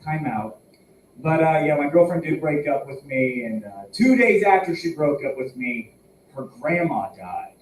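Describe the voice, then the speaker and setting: Young guy doing open mic standup, laughs at his own bits, lots of pitch swings, echoey and far off. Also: animated, a little slow, slight background noise. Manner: self-mocking, jumpy pitch, laughs at own jokes. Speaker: stand-up comedian. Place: small tobacconist shop. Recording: echoey room, heard from afar.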